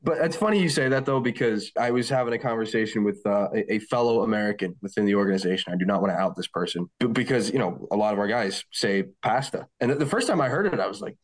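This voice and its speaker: A man's voice: on the low side, lively intonation, very fast. A young man from the Pittsburgh area, a hockey broadcaster, chatting casually on a podcast in a rambling, self-deprecating way. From Pittsburgh area, Pennsylvania.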